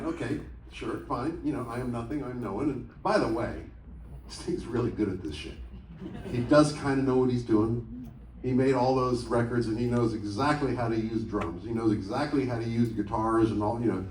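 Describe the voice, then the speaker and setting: A man telling stories to a theatre audience in an animated, comic and profane manner. He is heard through the speakers and recorded by a phone in the crowd. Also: mid-range voice, normal speed, roomy sound, distant mic, a little hiss or hum, low-quality recording. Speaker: stage storyteller. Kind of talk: solo speaking show. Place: large theatre. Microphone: stage PA, taped on a phone in the audience. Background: faint audience ambience.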